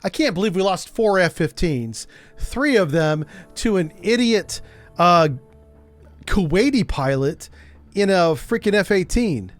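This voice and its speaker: A man streams a game and keeps up casual, joking commentary as he thinks out loud. His voice sits fairly high and swings up and down in a lively way. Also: a little slow, faint music behind.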